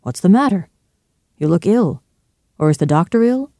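A man playing a firm, calm lawyer. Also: sits high, dry recording, clean studio sound, voice pushed up. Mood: concerned. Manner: measured, commanding. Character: calm, firm middle-aged male lawyer.

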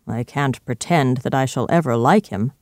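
A reader voicing a calm, worried male lawyer in a storybook reading, speaking slowly and gravely. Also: medium pitch, no echo, studio quality, lightly acted. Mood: resigned.

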